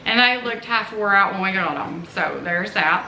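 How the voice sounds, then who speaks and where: A woman's voice: mid-range voice, normal speed, gravelly, bright, forceful tone. A middle-aged woman chatting casually and earnestly to her vlog audience as a mother, with rambling asides. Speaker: family vlogger, mother. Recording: roomy echo, faint background noise.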